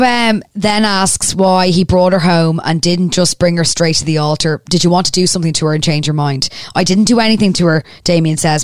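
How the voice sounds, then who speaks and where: A woman's voice: on the low side, no echo, studio quality. A woman hosting a podcast, recapping a TV episode in casual chat and acting out the characters' lines, swearing freely.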